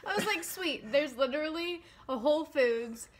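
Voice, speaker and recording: Young woman in her 20s, slightly high voice, giggly co-host chiming in. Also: lively intonation, moderate pace. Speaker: vlogger co-telling the story. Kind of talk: casual storytelling chat.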